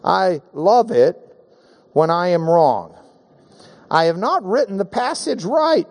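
A male preacher delivering a sermon in a high, lively voice that climbs and dips with emphasis. He speaks slowly and deliberately, drawing listeners in with questions and a bit of self-deprecating humor. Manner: emphatic, engages the audience with questions and call-and-response.

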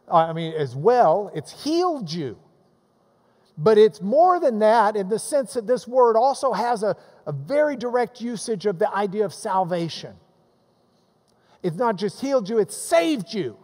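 Male pastor, high voice, animated sermon delivery, acts out quotes, big reverberant hall.

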